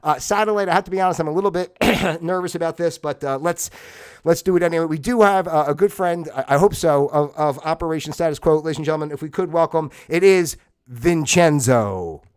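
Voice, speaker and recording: A man's voice: fairly high pitch, brisk, clean tone. A man hosting his own livestream talk show, speaking casually with a rambling, filler-heavy, apologetic manner. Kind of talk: casual solo livestream chat.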